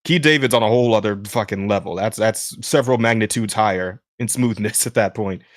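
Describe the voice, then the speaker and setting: A man hosting a podcast in casual chat with a smooth voice. He rambles with many restarts. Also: fairly low pitch, a little fast, no room sound, studio quality. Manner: rambling, many restarts and fillers, laughs while talking. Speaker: podcast host.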